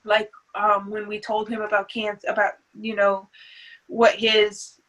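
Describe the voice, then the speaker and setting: A grieving mother, interviewed as a guest, speaks in a somewhat slow, monotone, mid-range voice with a fairly bright tone. Her earnest, faith-centered words come hesitantly, with many fillers and restarts, on a low-quality recording.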